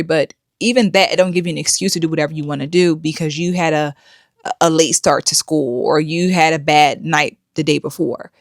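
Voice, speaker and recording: A woman's voice: sits low, no echo, studio quality. A middle-aged woman hosting a commentary show, blunt and lecturing. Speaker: host. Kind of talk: commentary vlog.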